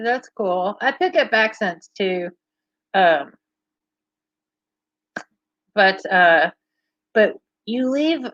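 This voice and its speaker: A woman from Kentucky with a light Southern accent hosts a relaxed livestream, chatting and answering viewers in an easy, playful way. She talks at an unhurried pace. The sound is dry and a little muffled. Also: mid-range voice, no room sound. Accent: mild Kentucky Southern. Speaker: livestream host. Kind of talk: casual chat with viewers.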